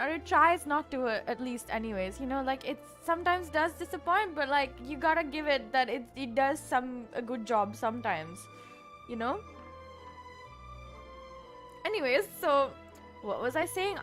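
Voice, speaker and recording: A woman's voice: sits high, pushed and bright. A woman streamer chatting casually while playing a game, bubbly and rambling, with giggles and restarts. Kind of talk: casual let's-play chatter.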